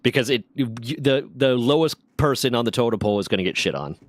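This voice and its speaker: A man co-hosting a gaming stream, telling candid, profane stories in casual chat with lively swings in his delivery. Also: mid-range voice, fast talker, no echo. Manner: candid, profane, animated storyteller.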